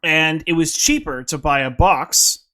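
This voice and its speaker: A man's voice: a little high, a little slow, sharp tone. A young man from Canada co-hosting a casual podcast, joking and telling stories while talking over his co-host.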